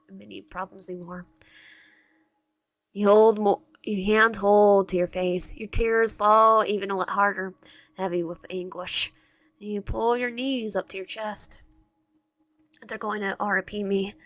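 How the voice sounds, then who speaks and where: A woman's voice: medium pitch, fairly even intonation, measured pace, no echo. Woman reading a game aloud, tripping over words. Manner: stumbles and restarts words while reading. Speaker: game narrator and player. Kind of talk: reading a visual novel aloud.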